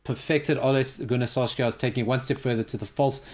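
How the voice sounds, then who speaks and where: A man's voice: mid-range voice, fairly even intonation, fast talker. A man hosting a sports talk show, opinionated and sarcastic in casual banter. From South Africa.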